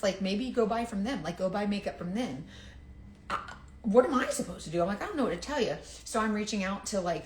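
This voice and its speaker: A woman selling makeup tells a casual, self-deprecating story, oversharing and acting out what others said, and she is sweating and overheated. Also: lowish voice. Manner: chatty, self-deprecating, oversharing, quotes others in lively voices. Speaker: makeup seller. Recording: echoey room.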